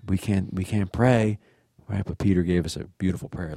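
A man's voice: low-pitched, fairly even intonation, brisk, gravelly, mellow, dry recording, studio quality. A man casually reflecting on scripture, rambling with many restarts and repeated phrases. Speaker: reflection participant.

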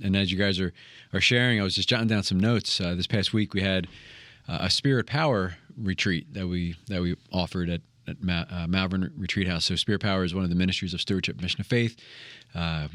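A host with a very low voice talks in a relaxed, halting way, stopping and restarting often. He is recorded close, with no room sound. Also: no room sound. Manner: hesitant, with many fillers and restarts. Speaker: program host. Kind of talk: casual chat.

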